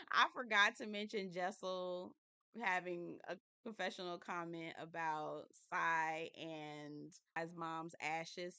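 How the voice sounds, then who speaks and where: A woman's voice: fairly low pitch, bright, forceful tone, clean tone, no echo. A woman recapping a reality show in a casual, candid and chatty way, swearing now and then.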